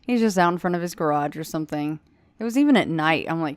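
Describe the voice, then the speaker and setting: A woman's voice: low-pitched, lively intonation, fast, clear, resonant tone, no room sound, clean studio sound. A woman hosting a podcast in casual conversation, sarcastic and playful, laughing often. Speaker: podcast host.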